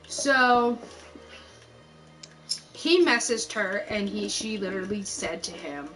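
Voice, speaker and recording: A woman's voice: medium pitch, unhurried, pauses often, bright, forceful tone, soft background music, rough recording. A woman rambling through a personal story in casual chat, swearing freely and acting out what people said. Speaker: YouTube host.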